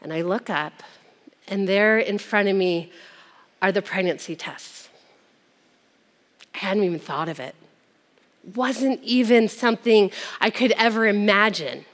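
A woman sharing a personal testimony with an audience. She tells it earnestly and drops softer at the heavy moments. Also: medium pitch, unhurried, long pauses, big-room sound. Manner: earnest storytelling, dropping soft at heavy moments.

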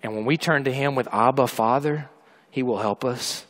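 A man's voice: mid-range voice, moderate pace. Storytelling male pastor preaching. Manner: storytelling, builds to loud emphatic peaks. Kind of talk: sermon.

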